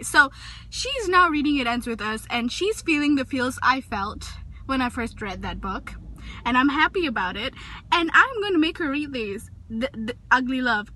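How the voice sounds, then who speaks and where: A young woman casually reviewing a book in a vlog, talking emotionally and gushing, recorded on a phone in a parked car. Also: slight background noise. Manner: gushing and emotional, pitch jumping up when excited. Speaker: vlogger.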